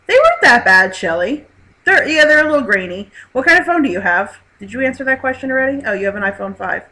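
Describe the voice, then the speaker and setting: Casting note: woman host, bright clear voice, chatty and laughing, live stream chat. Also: high-pitched, animated, fast, poor audio. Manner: chatty, laughs often, reads chat aloud.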